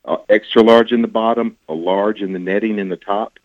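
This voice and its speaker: Deep-voiced man on a tinny phone line. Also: fairly even intonation, fairly quick, dry recording. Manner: folksy, enthusiastic salesman talk. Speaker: radio guest, cooler business owner. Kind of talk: casual phone-in chat.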